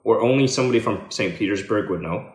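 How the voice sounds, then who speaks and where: A man's voice: fairly low pitch, fast talker, echoey room. A man hosting a casual chat, who keeps pressing his question with jokes and casual swearing. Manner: persistent, joking, swears casually. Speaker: host.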